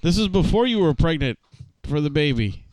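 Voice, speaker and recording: Lively teasing American man. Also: a little high, normal speed, no echo, poor audio. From United States. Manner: joking, teasing, crude banter. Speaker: podcast co-host. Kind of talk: casual podcast chat.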